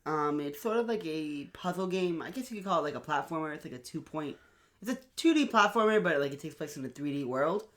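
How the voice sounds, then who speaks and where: A man co-hosting a casual podcast, upbeat and animated, with a lot of fillers. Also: a little high, fast talker. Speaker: podcast co-host. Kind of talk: casual chat.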